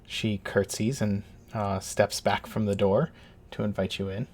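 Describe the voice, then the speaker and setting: A man's voice: lowish voice, flat delivery, measured pace, a little mellow. A man running a tabletop game as dungeon master, narrating hesitantly with many ums and uhs.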